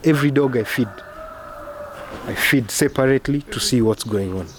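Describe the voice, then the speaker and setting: A man's voice: medium pitch, moderate pace, noisy background. A man, a dog owner, talking casually in an interview, plain and matter-of-fact, repeating himself for emphasis. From Kenya.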